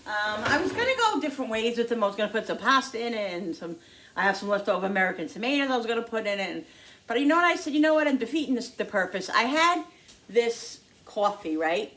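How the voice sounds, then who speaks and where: A woman talking casually to the camera in her home kitchen, chatty and quick to vent when annoyed. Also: a little high. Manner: chatty, animated, prone to exasperated venting. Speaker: home cooking vlogger.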